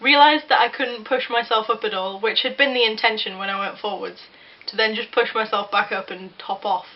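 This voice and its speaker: A young Englishwoman telling a story to her camera, chatty and self-mocking, tripping over her words now and then. Her voice sits a little high for a woman. The recording is dull and lo-fi. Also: steady tone, a little fast. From England. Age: young adult. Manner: chatty, self-deprecating, with frequent restarts. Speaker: vlogger. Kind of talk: casual vlog storytelling.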